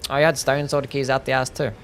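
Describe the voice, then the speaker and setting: A young man streaming a game live, talking casually, swearing and reading chat aloud. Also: medium pitch. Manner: laid-back, swears, reads chat aloud. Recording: faint music behind.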